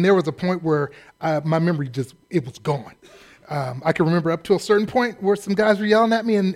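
A man preaching a sermon as a humorous personal story, self-deprecating and acting out shouted drill-staff voices. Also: fairly high pitch. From California, US.

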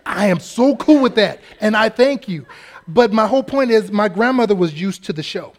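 A pastor preaching a sermon in a humorous, conversational, self-deprecating way. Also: male voice, high voice, expressive, moderate pace.

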